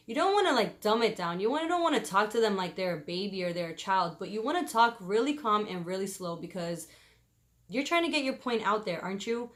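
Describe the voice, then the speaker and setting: A woman giving marriage advice in a casual vlog, talking loudly and passionately and laughing often. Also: mid-range voice.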